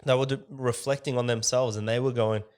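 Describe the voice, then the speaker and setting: A man co-hosting a business podcast, talking casually and growing animated when he quotes other people. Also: medium pitch, brisk, clear, resonant tone. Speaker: podcast co-host.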